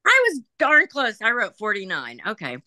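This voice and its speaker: Chatty, bright-voiced woman medium. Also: fairly high pitch, wildly swooping pitch, normal speed, no room sound. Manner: chatty, laughing, relays messages in quoted voices. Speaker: psychic medium. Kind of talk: group reading session.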